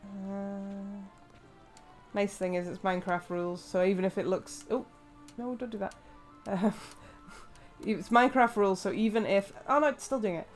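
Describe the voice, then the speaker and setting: A woman's voice: medium pitch, steady tone, moderate pace, soft background music. An English woman giving casual, rambling commentary while playing a video game. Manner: chatty, rambling, many fillers and laughs. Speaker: let's play host.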